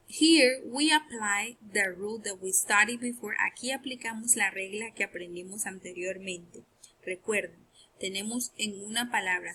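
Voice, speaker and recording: A woman's voice: medium pitch, bright, forceful tone, slightly rough. A woman teaching first grade phonics. She explains rules patiently, checks in with "okay?", switches between English and Spanish, and drills each word by repeating it three times.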